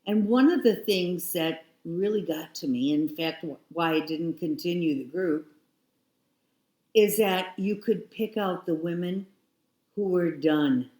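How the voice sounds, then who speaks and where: Low-voiced, unhurried woman in her sixties, candid storyteller, echoey room. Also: dark tone. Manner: reflective, frank, repeats phrases. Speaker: guest.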